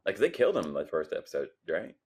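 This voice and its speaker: A man's voice: low voice, big pitch swings, very fast, crowd noise. A man hosting a podcast who chats casually and laughs often, with short agreeing replies. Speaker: podcast host.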